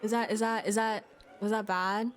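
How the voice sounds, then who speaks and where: A woman's voice: mid-range voice, little pitch movement, moderate pace. A young woman streaming live, chatting playfully with lots of giggles while she plays. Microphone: desk mic.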